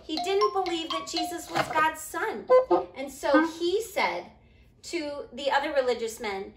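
A woman teaching preschoolers online, telling a Bible story in a gentle, sing-song way. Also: high voice. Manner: gentle, sing-song, talking slowly to small kids. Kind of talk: storytelling to young children. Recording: echoey room.

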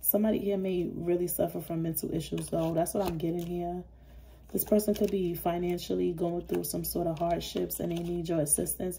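A woman giving a casual tarot reading in a blunt, animated way, swearing freely. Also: on the low side, a little hiss or hum. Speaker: tarot reader.

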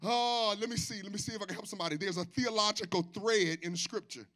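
Man, pastor, preaching in a church, high and bright voice, call-and-response, soft to shouting. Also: quick pace. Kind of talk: sermon. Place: church sanctuary.

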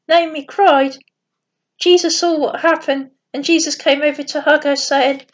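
A woman with a high voice reads a bedtime story gently and plainly, now and then stumbling over a word. The recording is dull and lo-fi. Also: fairly even intonation, measured pace.

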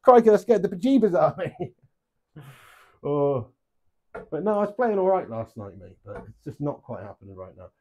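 During a live darts session at his home setup, a man with a fairly high, sing-song, slightly mellow voice talks at a moderate pace and pauses often. He banters with viewers, reads out their chat messages, jokes, swears freely and laughs a lot. The audio is dull.

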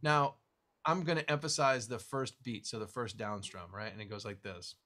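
A man teaching a guitar lesson one-on-one, explaining technique as he demonstrates, swinging between lively stressed phrases and quiet asides. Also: on the low side, normal speed. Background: guitar strumming.

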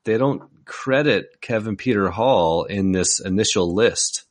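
A man's voice: fairly low pitch, unhurried. A man co-hosting a podcast, chatting casually and laughing often. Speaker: podcast co-host. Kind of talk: casual chat.

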